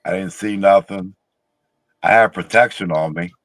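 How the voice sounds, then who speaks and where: A man from Tennessee with a lowish voice talks in a plainspoken, rambling way as a podcast guest. The sound is dry and close, with no room around it. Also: moderate pace, fairly bright tone, dry recording. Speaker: guest, Bigfoot researcher. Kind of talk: casual podcast chat.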